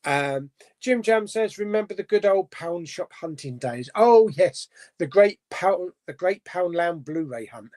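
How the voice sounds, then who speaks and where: A man's voice: sits high, expressive, measured pace, few pauses, darkish tone. A man hosting a casual live chat, reading out viewer comments and musing aloud, laughing to himself as he goes. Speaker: host.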